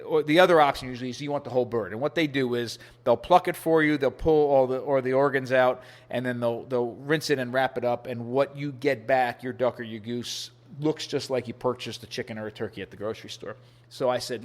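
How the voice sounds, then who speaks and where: A man guesting on a podcast, chatting casually and acting out quoted people with a lifted voice. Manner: animated storyteller, acts out quotes with rising pitch. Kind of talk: casual storytelling interview.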